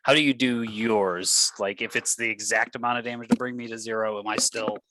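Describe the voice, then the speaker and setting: A man's voice: on the low side, fairly even intonation, brisk, sharp tone, a little hiss or hum. A man playing a tabletop game, casual and joking, swearing now and then. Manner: joking, swears, laughs between lines. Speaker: player.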